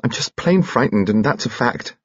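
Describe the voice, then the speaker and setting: A man voicing a shaken, tender young woman painter, reading her lines softly in a raised register. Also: on the low side, steady tone, a little fast, gravelly, slightly rough, dry recording, lo-fi sound, pitched above the performer's own voice, exaggerated voice. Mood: anxious, tender.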